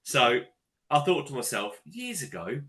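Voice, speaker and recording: A man co-hosting a podcast, telling animated, sweary stories in casual chat. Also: medium pitch, unhurried. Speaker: podcast co-host and amateur footballer.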